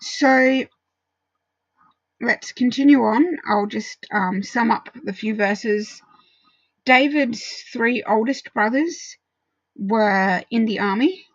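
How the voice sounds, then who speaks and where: Woman doing a chatty bible study, higher voice with a gravelly husky edge, dull dry lo-fi stream sound. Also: slow, no echo. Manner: explains verses conversationally with frequent ums. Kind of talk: casual Bible teaching.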